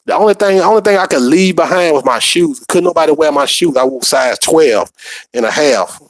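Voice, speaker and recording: A man's voice: fairly high pitch, moderate pace, no room sound. Profane man telling stories. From Alabama. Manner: profane, animated, repetitive restarts. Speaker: podcast storyteller. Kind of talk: casual profane storytelling.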